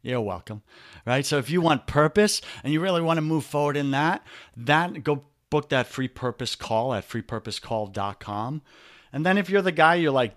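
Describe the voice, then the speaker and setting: A man with a New York accent, a coach and podcast guest, pitching his offers energetically and spelling out web addresses slowly. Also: expressive, a bit bright, no room sound, studio quality. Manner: pushy, repeats web addresses slowly, rallying.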